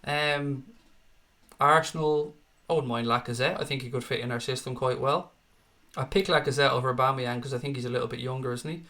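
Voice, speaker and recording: A man's voice: mid-range voice, steady tone, brisk, pushed and bright. A young Irish man hosting a live stream, reading out viewer comments and answering them bluntly, with plenty of swearing. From Ireland. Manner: blunt, profane, reads out chat comments. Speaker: livestream host. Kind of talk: casual live-chat stream.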